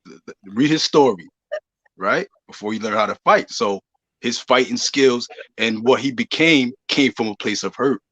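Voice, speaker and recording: A man's voice: mid-range voice, moderate pace, a bit bright, no room sound, dull audio. Guy on a live podcast making his point hard, keeps going "you see what i'm saying", dry sound. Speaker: show regular.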